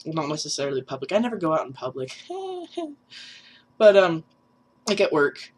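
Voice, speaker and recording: A man's voice: on the high side, huge pitch swings, normal speed. Young trans guy vlogger, nasal voice, chatty and self-mocking, loose and rambling. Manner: chatty and rambling, many fillers, laughs at self. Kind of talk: casual vlog update.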